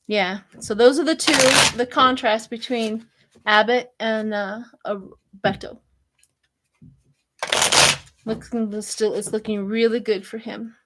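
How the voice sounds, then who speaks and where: Brief: older woman reading tarot on a livestream, unhurried, chatty, somewhat high voice. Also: steady tone, very noisy. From Colorado, United States. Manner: chatty, laughs often, gossipy asides. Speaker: tarot reader.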